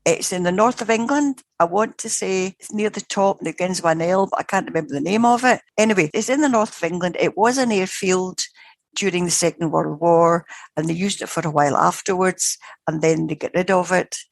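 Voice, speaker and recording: Low-voiced older woman telling a story. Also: brisk, no echo. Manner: animated, digressive, self-correcting. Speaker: psychical researcher guest. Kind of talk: conversational storytelling.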